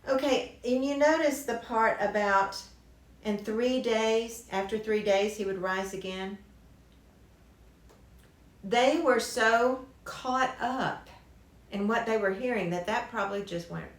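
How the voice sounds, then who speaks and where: A woman's voice: medium pitch, takes it slowly, long pauses. A woman teaching a Bible lesson in a conversational way, restarting phrases and adding asides. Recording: roomy church classroom.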